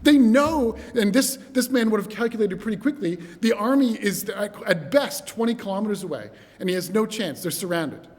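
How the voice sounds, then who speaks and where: Male preacher, fairly high voice, animated storyteller, long reverb of a hall. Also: moderate pace, few pauses. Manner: animated storyteller, addresses brothers and sisters. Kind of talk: sermon. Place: church hall.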